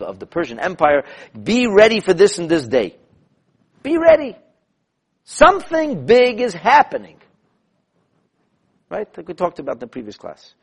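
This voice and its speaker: A man who is a rabbi teaching a class, telling stories in an animated, emphatic way and repeating phrases to drive points home. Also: mid-range voice, slightly rough. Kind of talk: lecture with storytelling.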